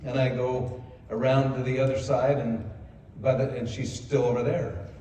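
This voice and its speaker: An older man, a company co-founder, telling a personal story in a folksy, self-deprecating way, hoarse from speaking. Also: mid-range voice, little pitch movement, normal speed, mellow, slight background noise. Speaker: company co-founder giving a convention speech. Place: large convention hall. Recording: echoey hall from far off.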